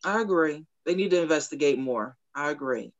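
A woman's voice: low-pitched, animated, brisk, no echo, dull audio. A middle-aged woman telling a personal story candidly in a casual group chat, laughing often.

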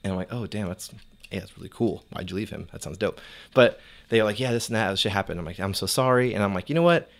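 Young man, casual podcast chat, slightly low voice, swears a lot, lots of "like", animated storytelling. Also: fast, creaky. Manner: animated, profane storytelling with many "like"s. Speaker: storyteller guest.

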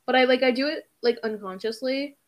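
A teenage girl co-hosting a podcast in casual chat, talking fast, swearing often and sometimes stuttering. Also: sits high. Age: teens. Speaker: podcast co-host.

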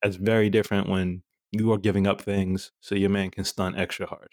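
A man with a low, gravelly voice riffs in casual podcast chat, swearing freely and working himself up. The sound is dry and close. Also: level tone, fairly quick, darkish tone, no echo. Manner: profane, riled-up, laughing asides. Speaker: podcast co-host.

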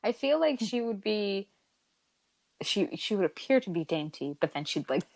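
A woman's voice: medium pitch, big pitch swings, moderate pace, creaky. A woman co-hosting a podcast in casual chat, laughing often. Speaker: podcast co-host.

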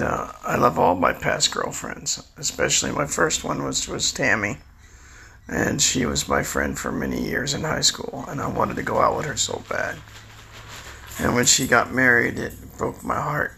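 Older man, sixties, heavy gravel and rasp, tense edge, rambling confessional delivery. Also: medium pitch, animated, normal speed, bright, forceful tone, a little hiss or hum. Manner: rambling, confessional, restarts often. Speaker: storyteller recounting his life. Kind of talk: candid personal monologue.

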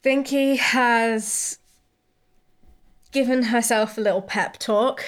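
A woman playing a tabletop game who narrates her character's actions in a soft, drawn-out way. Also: a little high, fairly even intonation. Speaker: player.

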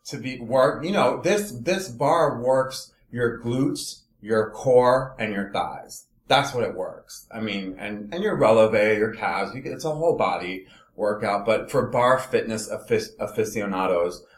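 A man's voice: mid-range voice, measured pace, few pauses, reverberant. A man from Los Angeles, a dance company director, explaining his product in a casual interview chat, enthusiastic and step by step.

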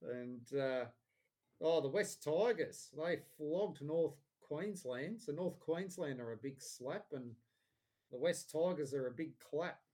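Blunt, slightly high sports talker. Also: male voice, expressive, takes it slowly, mellow. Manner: opinionated, blunt sports banter. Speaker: podcast co-host. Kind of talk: casual chat.

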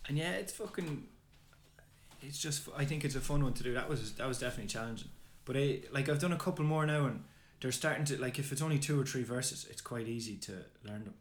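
A man's voice: mid-range voice, quick pace. A man co-hosting a podcast in casual chat, laid-back, swearing often and restarting his sentences. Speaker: podcast co-host. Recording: roomy with faint background noise.

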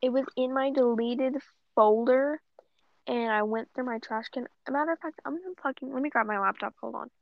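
A woman's voice: high voice, brisk, creaky, no echo. A young woman ranting casually on her vlog, blunt and profane with lots of rambling asides. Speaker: vlogger. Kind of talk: casual rant. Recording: dull lo-fi dry audio.

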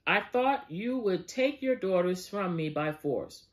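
A younger man answers an accusation earnestly, as a Bible teacher reads his part. The delivery is defensive and swings in pitch. It sounds plain rather than theatrical. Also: expressive, a little slow, close to an everyday voice.

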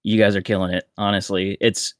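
A young man talking as a guest on a podcast, rambling in a relaxed way with frequent laughs and fillers. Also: on the low side, a little fast, no echo, studio quality. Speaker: guest content creator. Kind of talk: casual podcast chat.

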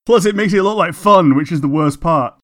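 A man's voice: on the high side, a little fast, fairly bright tone. A man chatting casually about a cartoon with a friend, laid-back and agreeable, swearing now and then. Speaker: co-host watching a cartoon. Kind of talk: casual reaction chat.

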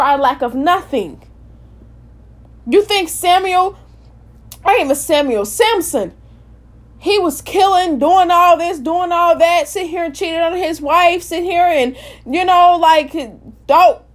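High-voiced woman preaching with passion. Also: animated, measured pace. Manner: impassioned, repetitive, swings between loud and soft. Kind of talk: informal sermon.

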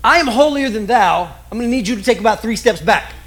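A man's voice: sits high, lively intonation, fast, a bit bright. A preacher playing a prim, self-righteous religious man who wants others to keep their distance.

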